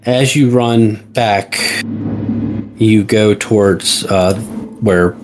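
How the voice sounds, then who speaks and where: Man running a sci-fi tabletop game, real slow and halting, low voice, music playing. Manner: slow, halting narration with many fillers. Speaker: game master. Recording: background music.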